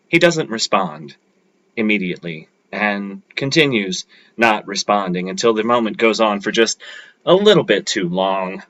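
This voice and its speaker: A man with a lowish voice reads a short story at an open mic, keeping a steady, measured pace. His tone is bright and forward. The sound is dull and lo-fi, like a livestream. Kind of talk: reading his own short fiction aloud.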